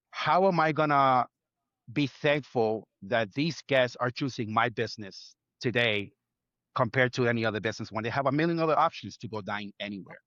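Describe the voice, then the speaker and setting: A man's voice: mid-range voice, a bit bright, no echo, muffled recording. A man, a chef, speaking earnestly in an interview, building his points in short lists. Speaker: chef guest. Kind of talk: reflective interview talk.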